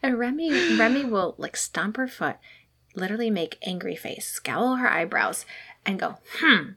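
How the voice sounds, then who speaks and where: A woman in her thirties chatting casually about her toddler, with lots of filler words and lively quoting. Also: medium pitch, moderate pace, creaky, slightly rough. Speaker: parent of a toddler. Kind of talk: casual chat.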